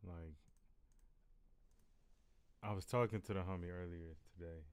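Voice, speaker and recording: A man talks to his viewers in a low, easygoing voice. He rambles and repeats himself as he gives frank, profane encouragement, like a casual reaction-video host. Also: steady tone, unhurried, clean tone. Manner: rambling, repeats "you know what I'm saying"; candid and profane. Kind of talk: casual motivational talk.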